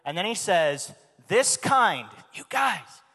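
High-voiced man preaching in a reverberant hall. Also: big pitch swings, slow, pushed and bright, husky. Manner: emphatic, asks the congregation questions. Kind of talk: sermon.

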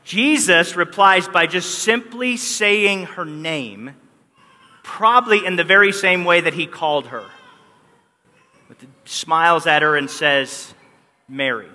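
A man's voice: high-pitched, expressive, slow pace, sharp tone. A man preaching a sermon, telling the story with animation and acting out the quoted lines. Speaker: pastor. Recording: long hall reverb.

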